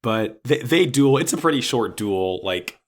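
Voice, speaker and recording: A man casually recapping an anime episode as podcast co-host, animated and swearing freely. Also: mid-range voice. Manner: animated, swears freely, acts out characters' lines in quick bursts.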